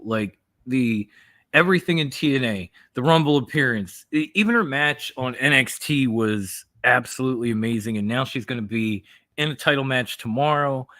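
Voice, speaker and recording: Bright-voiced enthusiastic man. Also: medium pitch, no echo. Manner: enthusiastic, emphatic, repeats himself. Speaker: podcast co-host. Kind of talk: casual wrestling chat.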